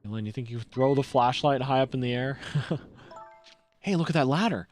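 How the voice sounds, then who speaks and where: A man's voice: mid-range voice, normal speed, a little mellow, faint music behind. A young man streaming a video game, reading the dialogue aloud and chatting with wry asides.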